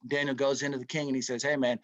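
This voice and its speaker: A man's voice: mid-range voice, racing, dry recording. Casual man teaching a Bible study. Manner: conversational, animated storytelling, says "man" often. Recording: dull dry lo-fi recording.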